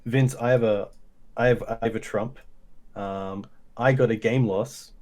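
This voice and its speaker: A man's voice: mid-range voice, fairly even intonation, unhurried, darkish tone. Laid-back man in casual chat. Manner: laid-back, brief responses, chuckles often. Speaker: card game player and co-host.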